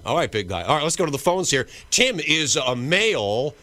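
A man's voice: on the high side, very animated, moderate pace, bright, forceful tone, slight background noise. A man hosting a talk radio call-in show, joking and needling his callers.

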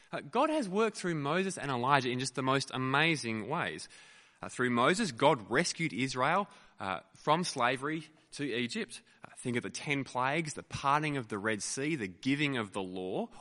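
A male pastor preaching a sermon, telling stories in an animated way with frequent fillers, in a lecture theatre used as a church. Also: medium pitch, in a large hall. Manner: animated storytelling with many fillers.

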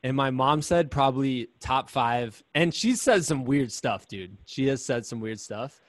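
Man guest, chatty storyteller, dry close sound, mid pitch. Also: unhurried, no room sound. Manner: chatty, animated, lots of "like". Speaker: podcast guest, runner. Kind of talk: casual storytelling.

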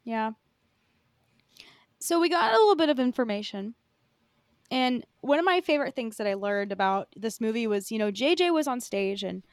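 A woman's voice: high voice, dry recording, clean studio sound. A woman co-hosting a podcast, recapping news in casual chat with many fillers. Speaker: podcast co-host.

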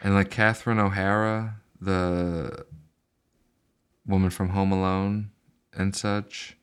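Low-voiced man riffing on movies. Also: slow pace, clear, resonant tone. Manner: joking, animated riffing, swears. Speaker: podcast co-host. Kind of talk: casual movie chat.

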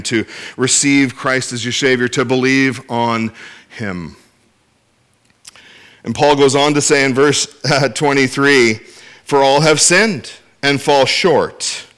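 Bright-voiced male pastor preaching. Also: mid-range voice. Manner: earnest preaching with frequent restarts and direct address to the congregation. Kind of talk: sermon. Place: church in Inverness.

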